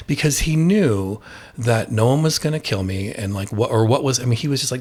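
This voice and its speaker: A man's voice: medium pitch, fairly quick, darkish tone. A man, an addiction expert, speaking candidly in a podcast conversation and telling a personal story with quoted dialogue.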